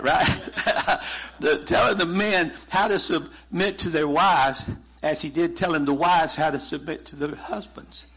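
A man's voice: a little high, fairly bright tone, breathy edge. A man preaching a sermon in a folksy, conversational way, chuckling now and then. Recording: muffled lo-fi sermon recording.

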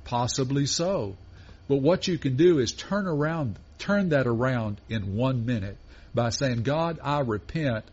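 A pastor delivers a sermon in a husky, slightly breathy voice, speaking at a mid pitch. He works through his points in a measured way and poses question after question to his listeners. The recording sounds dull and lo-fi. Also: a little mellow. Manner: measured preaching with rhetorical questions.

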